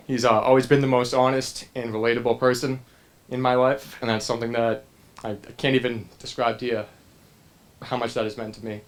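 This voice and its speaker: An earnest young man delivers a best man's toast, pausing often and restarting his sentences as he searches for words. His voice sits at an ordinary middle pitch. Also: flat delivery. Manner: earnest, with frequent "uh" pauses and restarts. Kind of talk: heartfelt wedding speech.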